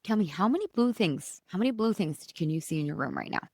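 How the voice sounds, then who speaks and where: A woman's voice: lively intonation, fast talker, a little mellow, breathy edge, no echo. Woman, podcast host, bubbly, chatty, swooping voice, dry close sound. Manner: bubbly and chatty, swinging pitch, fillers like "you guys". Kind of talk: casual motivational podcast talk.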